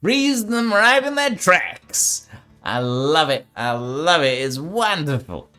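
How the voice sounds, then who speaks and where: A man's voice: on the high side, big pitch swings, sharp tone, soft background music, pitched above the performer's own voice, full character voice. A man putting on a gleeful old arrow merchant. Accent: wobbly put-on accent of no fixed place. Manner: drawn-out, sing-song, relishing his wares.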